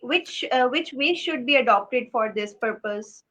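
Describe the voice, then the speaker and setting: High-voiced hesitant woman host. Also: animated, unhurried, a bit bright, low-quality recording. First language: Urdu. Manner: hesitant, many uh fillers. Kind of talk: interview questions.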